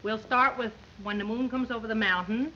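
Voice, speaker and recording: A woman's voice: fairly high pitch, fairly even intonation, fairly quick. A woman, a singer and radio star, trading cheery jokes in a 1930s film comedy scene. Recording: muffled old film soundtrack with hiss.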